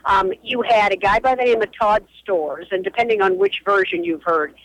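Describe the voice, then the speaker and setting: A woman's voice: mid-range voice, moderate pace, no room sound, rough recording. A woman in her sixties, a radio historian and author, telling stories emphatically as a guest calling into a radio show. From Boston area, US. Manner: animated, emphatic storyteller. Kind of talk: phone interview on a radio show.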